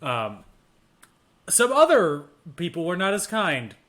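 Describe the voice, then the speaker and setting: A man's voice: sits high, wildly swooping pitch, slow pace, pushed and bright. A young man co-hosting a podcast, reading notes aloud with dry, playful asides. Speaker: podcast co-host. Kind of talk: casual chat.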